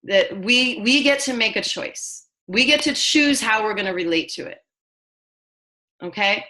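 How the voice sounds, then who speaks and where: A woman's voice: on the high side, lively intonation, unhurried, bright, forceful tone, rough recording. A woman teaching an online motivational class, earnest and emphatic as she tells personal stories. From lives in Los Angeles. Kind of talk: motivational lesson.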